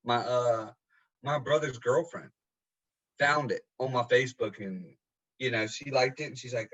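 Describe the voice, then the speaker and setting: A man's voice: mid-range voice, normal speed, fairly bright tone, dull audio. A young man hosting a casual podcast from home, telling loose, profane stories. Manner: laid-back, profane storytelling. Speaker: podcast host. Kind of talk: casual chat.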